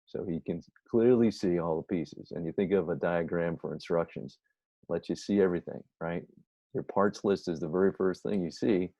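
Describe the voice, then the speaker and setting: A middle-aged man delivers a recorded lecture in a deep, warm voice. He explains ideas carefully, often asking a question and then answering it. The sound is dry and slightly dull, like a lo-fi classroom recording. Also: no echo. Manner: explanatory, asks and answers his own questions. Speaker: instructor.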